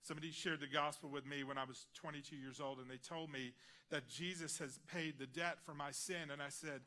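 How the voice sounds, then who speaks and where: A man preaching a sermon in a church, earnest and personal, dropping his voice quietly on key lines. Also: fairly high pitch, fairly even intonation, a little fast. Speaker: guest preacher. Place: large church auditorium.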